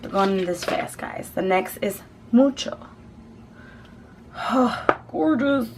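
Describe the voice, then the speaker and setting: Woman beauty vlogger, gushing and chatty, higher voice, casual home video. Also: slow pace, noisy background. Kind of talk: casual makeup swatch vlog. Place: home, children nearby.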